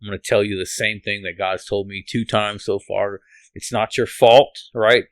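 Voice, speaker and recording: A man's voice: fairly low pitch, steady tone, normal speed, smooth, no echo. A man guest on a podcast, telling an emotional personal testimony in an earnest, rambling way with restarts and laughs, from the United States.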